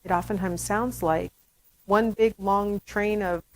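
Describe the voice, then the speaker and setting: A woman's voice: medium pitch, steady tone, a little slow, a little hiss or hum, poor audio. A woman giving a recorded lecture to students in a chatty style, with playful asides. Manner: acts out baby talk in demonstrations. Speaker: university lecturer.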